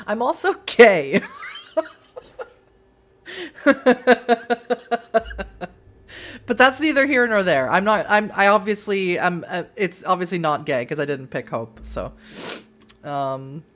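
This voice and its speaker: A woman's voice: medium pitch, takes it slowly, fairly bright tone. A woman streamer chatting casually and narrating a game, laughing often and poking fun at herself. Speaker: game streamer and community ambassador. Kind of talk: casual let's-play commentary and narration.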